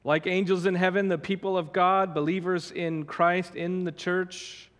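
A fairly high-voiced male pastor works through an expository sermon at a measured pace with a level, fairly bright tone, emphasizing key words and repeating phrases. The church sanctuary gives his voice a long reverb.

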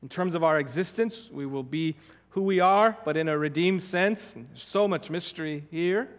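A man's voice: a little high, moderate pace. Man preaching in a reverberant hall. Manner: emphatic, repeats and stresses words while teaching. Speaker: pastor. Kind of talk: expository sermon.

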